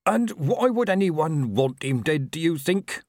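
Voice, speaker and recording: A man voicing a patient, slow-spoken male zombie constable with a measured manner. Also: fairly high pitch, sing-song, a little mellow, dry recording, studio quality, pitched above the performer's own voice.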